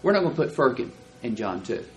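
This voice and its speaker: A man's voice: mid-range voice, very animated, a little hiss or hum, low-quality recording. Man teaching a Bible lesson. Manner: explanatory, reads verses slowly and deliberately.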